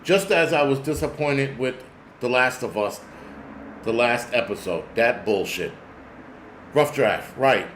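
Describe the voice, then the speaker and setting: A man's voice: mid-range voice, expressive, measured pace, pauses often, fairly bright tone, a little hiss or hum. Profane rambling man in an echoey room. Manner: profane, rambling, loses track of words. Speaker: prepper channel host. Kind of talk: casual ranting monologue. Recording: echoey room with faint ambience.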